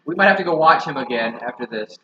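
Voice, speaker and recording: A man's voice: fairly high pitch, animated, fast, bright, forceful tone. A man commentating a game as a joke, giggly and dropping in a mock accent now and then. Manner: giggly, dropping in a mock accent and calling his partner comrade. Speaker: let's play co-host. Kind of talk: joking gameplay commentary. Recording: roomy, dull lo-fi recording.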